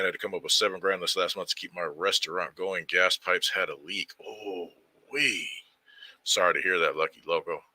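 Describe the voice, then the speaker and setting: A low-pitched man with a sharp, bright edge to his voice chats loosely with his viewers and greets them by name in street slang. The sound is dry and close, with no room around it. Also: no room sound. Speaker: livestream host. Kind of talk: casual livestream chat reading viewer comments.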